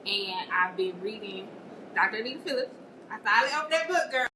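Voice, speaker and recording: A woman's voice: medium pitch, animated, a little fast, far from the mic. A woman sharing a candid personal reflection in a chatty way, often saying "you know". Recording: echoey room, off-mic, noisy.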